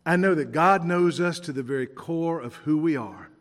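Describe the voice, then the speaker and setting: A man's voice: on the high side, moderate pace, long reverb tail. A man preaching a sermon, telling stories with acted-out dialogue and chuckling along the way.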